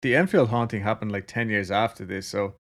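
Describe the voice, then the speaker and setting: A man's voice: fairly low pitch, fairly quick. A man co-hosting a podcast, telling a story in casual chat, laid-back and swearing freely. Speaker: podcast co-host.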